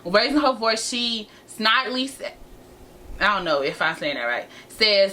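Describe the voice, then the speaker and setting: A woman's voice: a little high, big pitch swings, moderate pace, background noise. An eighteen-year-old woman telling a sassy storytime vlog to her viewers, talking to them as y'all. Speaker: vlogger.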